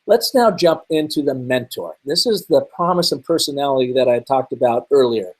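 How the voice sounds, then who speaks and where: A middle-aged man from the Seattle area teaching a webinar, telling stories and asking rhetorical questions with lively energy. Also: medium pitch, fairly quick, husky, low-quality recording. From Seattle, Washington area. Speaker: webinar presenter.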